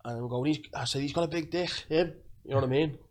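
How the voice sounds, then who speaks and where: On a podcast, a male guest with a rather high voice talks fast, telling a rambling, crude holiday story as casual chat, laughing and cursing along the way.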